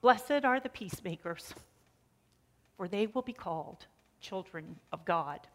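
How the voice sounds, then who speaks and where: A woman pastor preaching a sermon in a conversational storytelling way, dropping to a hush on key lines. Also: mid-range voice, lively intonation, unhurried.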